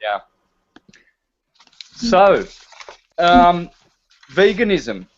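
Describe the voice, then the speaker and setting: A man's voice: sits high, very animated, extremely slow. A man talking in a casual chat, emphatic and preachy in manner. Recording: dull lo-fi sound.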